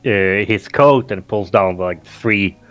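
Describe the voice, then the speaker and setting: A man's voice: lowish voice, slow, a bit bright, no room sound. A man playing a tabletop role-playing game who narrates his character's actions, hesitant and full of restarts. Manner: hesitant, repeats words, says "like" a lot. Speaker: player.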